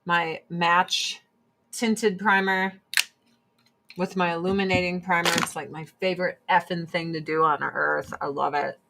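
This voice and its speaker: A woman's voice: lowish voice, steady tone, unhurried, vocal fry, bright, forceful tone, slight background noise. A woman chatting casually and bluntly while doing her makeup, swearing freely as she gives her opinions. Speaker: streamer.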